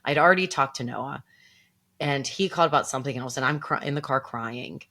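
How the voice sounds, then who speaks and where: A woman's voice: a bass voice, a little fast. A middle-aged woman co-hosting a podcast, telling a story in casual chat and acting out her own upset voice. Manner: animated storytelling, acts out her own distressed quotes. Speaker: podcast co-host.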